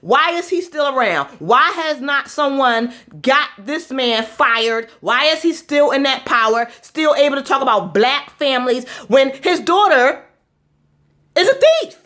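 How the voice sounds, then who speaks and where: A woman's voice: sits high, animated, a little slow, hardly any pauses, a bit bright. A woman blogger giving a fiery, preachy live-stream address, repeating herself and swearing bluntly. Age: adult with four children.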